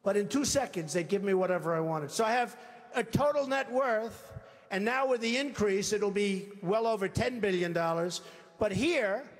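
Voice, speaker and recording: An older man gives a campaign speech in a boastful, repetitive way, acting out imagined phone calls. His voice sits high for a man. The sound carries the long reverb of a large hall. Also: moderate pace. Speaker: presidential candidate.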